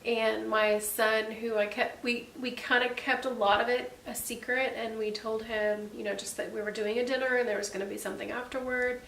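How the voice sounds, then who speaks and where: Gravelly woman in an echoey room. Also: on the high side, little pitch movement, moderate pace, hardly any pauses. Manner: chatty, warm-hearted storytelling with many ums. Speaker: podcast co-host. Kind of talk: casual faith-based chat. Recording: echoey room, distant mic, faint hiss.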